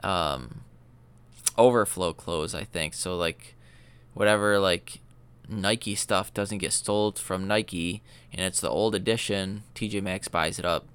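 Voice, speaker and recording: A man's voice: sits low, a little slow, fairly bright tone, clean tone. A young man hosting a podcast, telling a story in loose, profane chat full of fillers. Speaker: podcast host. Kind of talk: casual rambling storytelling.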